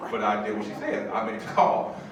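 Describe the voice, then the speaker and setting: A man in his fifties, a judge, tells a personal story to an audience in an animated, emotional way, acting out the voices. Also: fairly low pitch, brisk, crowd noise. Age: 50s. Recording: echoey hall from far off, background noise.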